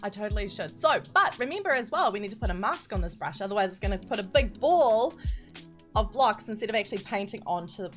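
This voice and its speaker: Casting: giggly Kiwi woman, mid-pitched, live-streaming to chat, music bed underneath. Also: animated, fast talker. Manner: chatty, giggly, reads chat messages aloud. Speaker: streamer teaching map building.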